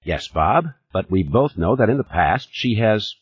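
A man's voice: on the low side, sing-song, a little slow, husky, exaggerated voice. A man doing an anxious, placating company lawyer. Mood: pleading. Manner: placating, pleading. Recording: dull, dry studio recording.

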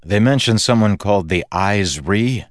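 A self-assured, wry hero who talks briskly and plainly, with a dry edge to his words, as a male audiobook narrator voices him. His speech has a lively lilt, and the sound is close and dry. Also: on the low side, no room sound, voice pushed up, natural voice. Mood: curious. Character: confident, wry male hero, restless and determined.

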